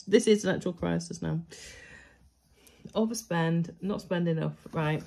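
A woman's voice: on the low side, measured pace, gravelly, warm tone. A woman talking to camera at home at night, chatty and self-mocking as she thinks aloud. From United Kingdom. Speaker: budgeting vlogger. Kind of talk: casual chat to camera.

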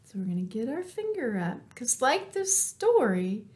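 A woman librarian reading a children's story aloud, expressive and playful, asking the children questions and dropping to whispers. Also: on the high side. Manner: animated, slow and expressive, asks the children questions, drops to whispers.

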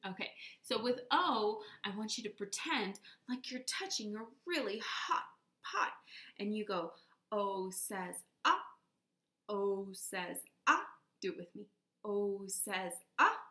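A woman teaching phonics to small children, speaking very slowly and encouragingly. She draws out each letter sound for them to repeat. Her voice rings in a noticeably echoey room. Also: medium pitch, a bit bright.

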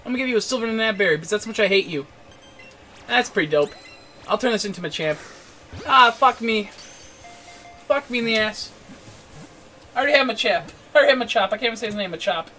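A young man giving let's-play commentary, excitable and swearing a lot, chatting to the creatures on screen and yelling at surprises. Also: sits high, very fast, pauses often. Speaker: game streamer.

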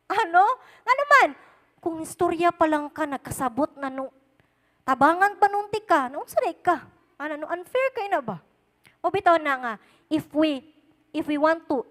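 A woman with a Cebuano Filipino accent preaching a sermon, swinging between hushed asides and loud, emphatic points, mixing English with Cebuano. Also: high-pitched, expressive, normal speed. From Philippines. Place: church service at a youth event. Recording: long reverb of a church hall.

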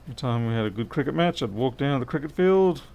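A man's voice: medium pitch, animated, fast talker, creaky, highs cut off, background noise. A middle-aged man, chatting casually and thinking aloud while he works through a repair on a livestream. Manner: rambling, thinks aloud, answers chat.

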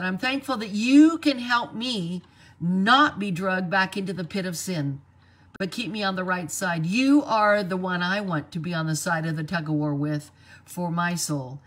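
Animated woman preaching a sermon. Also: mid-range voice, moderate pace. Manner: animated, acts out quoted voices.

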